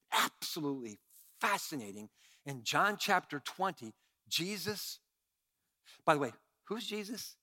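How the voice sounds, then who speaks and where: Male pastor, passionate sermon, high-pitched, bright and forceful, shouts then drops to quiet asides. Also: no room sound. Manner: calls on the congregation to respond.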